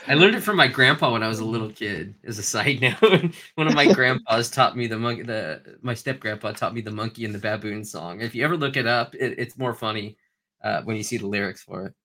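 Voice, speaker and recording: A man with a bright, forceful edge to his mid-pitched voice. He jokes and laughs easily in casual podcast banter and swears offhandedly. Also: a little fast. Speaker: podcast co-host.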